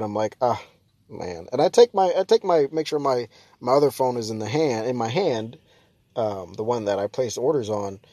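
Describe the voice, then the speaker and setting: A young man in a casual vlog rant, talking fast and loose with lots of fillers and restarts. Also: mid-range voice, no room sound. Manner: ranting, exasperated, jumps to loud mock shouts.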